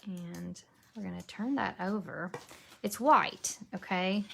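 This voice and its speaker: A gravelly-voiced woman talks slowly through a papercraft demo, thinking aloud as she works. A faint hiss sits under the recording. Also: mid-range voice, sharp tone. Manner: chatty, thinks aloud while working, drops to a whisper while concentrating. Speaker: papercraft demonstrator. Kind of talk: casual crafting tutorial.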